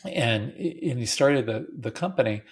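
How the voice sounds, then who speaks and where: A man's voice: mid-range voice, expressive, measured pace, breathy edge. A middle-aged man hosting a podcast, telling a personal story in a rambling, casual way with many fillers and restarts. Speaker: podcast host.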